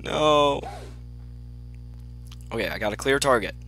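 A young man commentating his own gameplay, muttering to himself and then breaking into excited yelps. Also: lowish voice, unhurried, soft background music. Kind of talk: let's play commentary.

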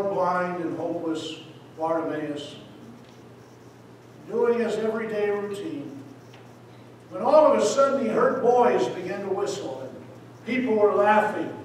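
A man, a missionary preacher, giving an impassioned sermon that swings between loud appeals and hushed words. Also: high voice, slight background noise. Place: church sanctuary. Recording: echoey hall, voice from far off.

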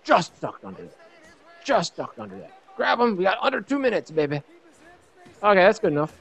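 Excitable young man commenting on a game. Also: sits high, brisk, slightly rough. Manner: excitable, shouts and laughs at big hits. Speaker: gaming YouTuber. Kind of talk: excited let's play commentary.

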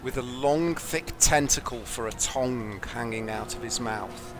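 A man narrating a tabletop game as game master, in slow atmospheric description. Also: medium pitch.

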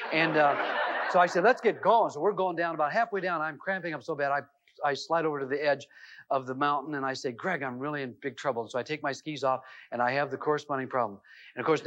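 High-voiced man telling comic stories. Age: middle-aged. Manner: animated, comic anecdotes with many fillers. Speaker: seminar speaker. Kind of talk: humorous storytelling talk. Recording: dull lo-fi 1990s videotape sound.

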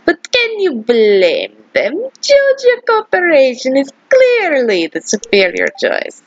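A woman's voice: sits high, wildly swooping pitch, slow pace, dry recording, full character voice. Girl voicing a smug corporate sales guy for a farming game, boastful, kinda lo-fi. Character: smug corporate male store rep. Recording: slightly dull lo-fi audio.

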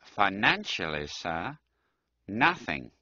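A man's voice: low voice, big pitch swings, slow pace, sharp tone, no room sound, lo-fi sound, voice pushed down, full character voice. A man voicing a haughty, formal male valet who speaks in clipped, dry replies. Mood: stiff.

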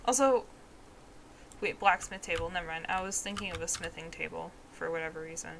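A woman's voice: fairly low pitch, steady tone, fairly quick, creaky, fairly bright tone, slight background noise. A woman streaming a video game, chatting casually in a playful, goofy, self-mocking way. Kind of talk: casual gaming chat.

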